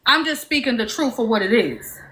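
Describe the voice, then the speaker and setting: High, bright-voiced woman ranting bluntly. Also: animated, brisk. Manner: blunt, profane, confrontational. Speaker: panelist. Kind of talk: heated live-stream rant.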